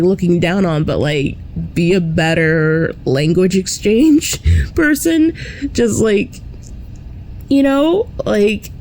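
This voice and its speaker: A woman's voice: fairly low pitch, a little mellow, slight background noise. A young woman vlogging casually, rambling and chatty, with frequent laughter between thoughts. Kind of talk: casual vlog chat.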